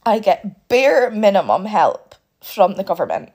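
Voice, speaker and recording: Upset British woman with a husky voice. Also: mid-range voice, big pitch swings, unhurried, darkish tone. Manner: upset, swears with clipped-off words, voice rising and breaking. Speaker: single parent venting. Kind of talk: emotional vent to camera.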